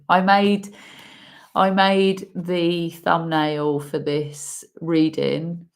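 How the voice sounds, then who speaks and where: A woman's voice: on the low side, level tone. A woman giving an emotional spoken oracle card reading, heartfelt and full of sighs. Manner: slow, heartfelt, breaks into emotional laughs and sighs.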